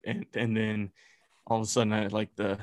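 A man casually telling a camp story on a podcast, animated and swearing as he builds suspense. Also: fairly low pitch, normal speed, dry recording.

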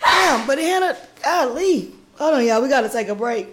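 A woman co-hosting a podcast at home, telling stories loudly and laughing and shouting often. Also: high-pitched, moderate pace, very noisy. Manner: loud laughing storytelling, excitable, shouts often. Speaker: podcast co-host. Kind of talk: casual chat. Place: home kitchen. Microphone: podcast mic.

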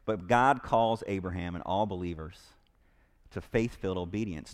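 Deep-voiced and at a normal speed, this male pastor delivers a sermon to a live church congregation. His tone is earnest and emphatic, with repeated key phrases and frequent restarts.

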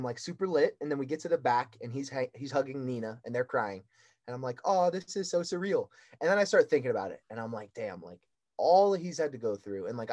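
A man's voice: medium pitch, warm tone. A young man, a guest handler, talking emotionally and rambling with many filler words. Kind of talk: casual chat.

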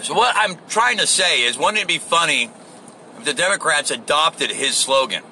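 A man's voice: fairly high pitch, expressive, normal speed, bright, forceful tone, slight background noise. A man hosting a podcast, ranting off the cuff outdoors in a crude, sarcastic way and swearing constantly. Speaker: podcast host. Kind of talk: profane off-the-cuff rant.

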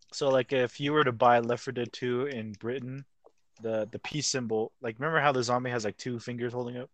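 A man's voice: mid-range voice, lively intonation, moderate pace, pauses often. A young man co-hosting a casual chat, rambling and full of filler words. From United States. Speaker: podcast co-host.

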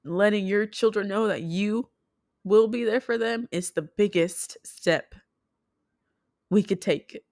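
A young woman talking to her viewers in a heartfelt personal vlog, halting and restarting as she speaks. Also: mid-range voice, a little mellow, no room sound, clean studio sound. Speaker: vlogger.

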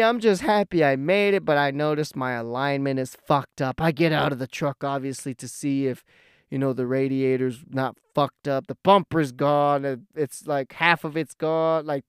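A man's voice: on the high side, fairly even intonation, moderate pace, clean tone, dry recording, studio quality. A young man vlogging, telling a casual story in a rambling, profane way.

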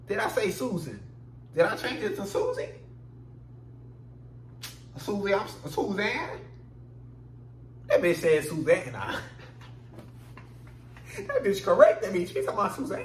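A man hosting a solo podcast, ranting in an animated, profane way, recorded in an echoey room with a faint hum. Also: sits high. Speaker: podcast host.

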